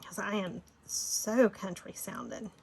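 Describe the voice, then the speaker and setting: Taking her time, a middle-aged woman from Florida speaks in a sing-song, medium-pitched voice that is gravelly and darkish with a breathy edge. She has a Southern Georgia accent and rambles chattily through a screen-recorded design tutorial, laughing easily.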